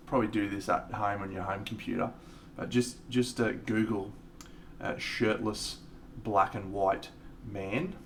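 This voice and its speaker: A man's voice: on the low side, a bit bright, distant mic, a little hiss or hum. Chatty Australian man, rambling stream talk. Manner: rambling, chatty, reading and answering chat. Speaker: miniature painting streamer. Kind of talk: casual live-stream chat.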